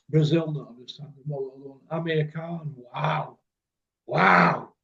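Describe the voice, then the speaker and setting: A Birmingham man hosting a casual chat over a muffled, lo-fi video call. He talks bluntly and rambles from one point to the next, with a voice pitched a little high. He is quick to laugh. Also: steady tone, creaky, fairly bright tone. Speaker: host.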